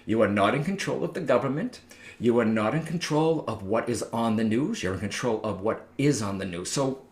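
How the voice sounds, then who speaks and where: A man's voice: medium pitch, expressive, a little fast, echoey room. A man, a psychic medium, talking casually to viewers and often checking in with "all right?". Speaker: psychic medium giving advice. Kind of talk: casual direct-to-camera talk.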